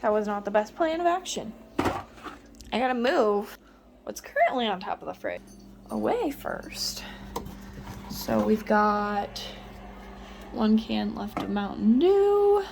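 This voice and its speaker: A woman's voice: very animated, a little slow, gravelly, pauses often, background noise. A young woman casually narrating a home vlog, chatty and playful as she puts groceries away. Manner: chatty, playful, talks to her cat in a squeaky baby voice. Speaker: vlogger. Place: home kitchen.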